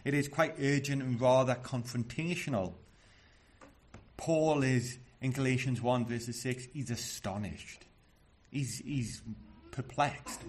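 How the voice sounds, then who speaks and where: Male preacher, earnest and emphatic sermon delivery, mid-range voice. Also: medium pitch. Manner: earnest, emphatic, with repeated restarts.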